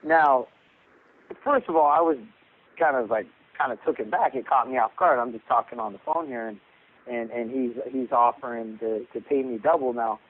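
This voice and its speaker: A man's voice: medium pitch, expressive, normal speed. A man, a boxing coach and podcast guest, telling a rambling story over the phone, repeating words and acting out what others said. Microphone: phone call. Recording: tinny phone line.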